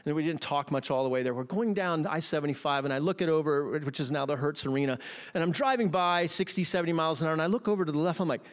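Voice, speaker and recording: Middle-aged male pastor, high voice, animated self-mocking sermon storyteller. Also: fast talker. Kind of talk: sermon with personal stories.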